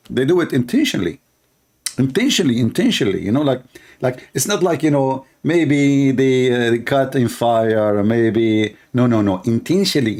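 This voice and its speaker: A man's voice: medium pitch, gravelly, a little mellow. A man hosting a show, giving sarcastic, teasing commentary in non-native English. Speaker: host. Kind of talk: mocking commentary on a clip.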